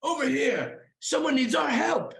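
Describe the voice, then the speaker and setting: A game master plays an eager knight in a tabletop game, calling out with an urgent, raised, high voice. He sounds set on getting everyone moving at once. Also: big pitch swings, a little slow, vocal fry, a bit bright, reverberant, exaggerated voice. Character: eager male knight rallying the crew.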